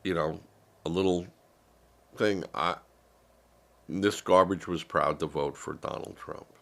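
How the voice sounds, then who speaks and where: Older man, deep gravelly voice, slow rambling sarcastic stream commentary, sounds unwell. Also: fairly even intonation, fairly bright tone. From United States. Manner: rambling, sarcastic, many fillers. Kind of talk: casual political commentary.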